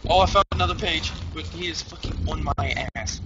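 A man's voice: fairly high pitch, fairly quick. A young man playing a horror game live, panicky and cursing nonstop as he yelps in fright. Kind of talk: live gameplay commentary. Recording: muffled lo-fi mic with loud hiss.

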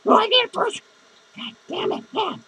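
Penny, a man doing a squeaky drunk clown lady. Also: big pitch swings, normal speed, bright, forceful tone, a little hiss or hum, full character voice, low-quality recording. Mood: cranky. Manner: cursing constantly, rambling, grumbling. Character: foul-mouthed drunk lonely female clown. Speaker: podcast host character. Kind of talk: improvised comedy monologue.

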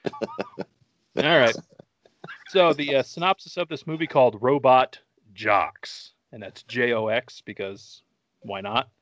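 A man hosts a laid-back movie chat, talking at an ordinary pitch and cracking loose, profane jokes as he rambles through the story. The sound is dry and close, with no room around him. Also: huge pitch swings, slow, long pauses, fairly bright tone, no echo. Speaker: podcast host. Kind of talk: casual movie-review chat.

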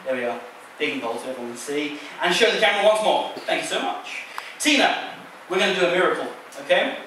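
A man's voice: on the high side, animated, fast, sharp tone, a little hiss or hum. A man performing a card trick on stage, teasing his volunteer with playful patter. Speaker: stage magician. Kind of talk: live stage magic patter. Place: large theater stage. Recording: echoey theater sound from a distance.

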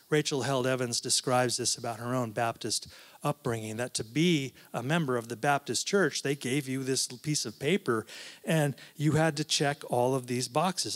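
A man, a professor, giving a conversational talk at a church, with asides and frequent restarts. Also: medium pitch. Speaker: guest speaker, professor.

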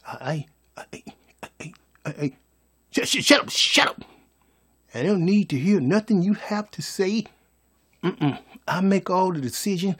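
A man's voice: sits high, animated, moderate pace, warm tone, husky. A man putting on a bossy, controlling mother who curtly dismisses her grown child. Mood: domineering. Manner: curt, dismissive, stammering.

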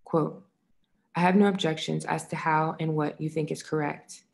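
A woman reading a nonfiction book aloud in a measured way, saying the quote marks out loud. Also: low-pitched, steady tone, vocal fry. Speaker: audiobook reader.

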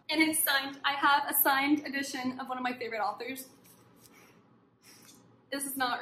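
A woman book vlogger chatting casually to viewers while unboxing, gushing and excited as she talks. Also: high-pitched, moderate pace, pauses often. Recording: echoey room with faint background noise.

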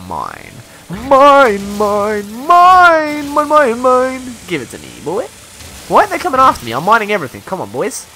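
A young man commentates on his game in a bright, lively, fairly high voice that leaps up and down in pitch. He talks in excitable bursts and exclaims often, with soft game music running underneath. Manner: animated, exclaiming and laughing often. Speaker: gaming YouTuber. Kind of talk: excitable let's-play commentary.

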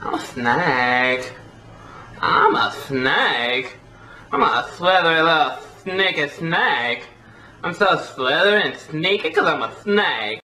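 A person voicing a slithery, sneaky little snake in a home video, speaking in a slow, sing-song, boastful way. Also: medium pitch, animated, sharp tone, reverberant, low-quality recording. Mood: sly.

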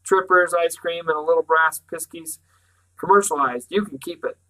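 A gruff old great-uncle professor who speaks firmly and curtly, as a man reading a storybook puts him on. The voice is bright and fairly high for a man. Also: normal speed, low-quality recording. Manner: firm, curt.

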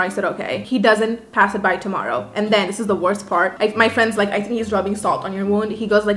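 A young woman vlogger telling a storytime rant, animated and profane, dramatizing every detail. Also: mid-range voice, quick pace, few pauses, reverberant.

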